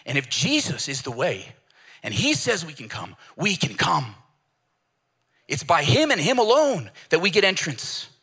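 A man delivers a sermon from the pulpit, telling stories with animation. His voice is bright, his pitch moves a lot, and he slips into voices for the people in his stories. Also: measured pace, slightly rough. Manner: animated storytelling with acted voices. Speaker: pastor.

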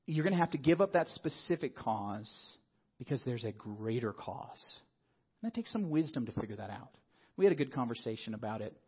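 A man preaching a sermon in a lively, conversational way, often asking the congregation questions. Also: medium pitch, fast talker, breathy edge, highs cut off. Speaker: pastor.

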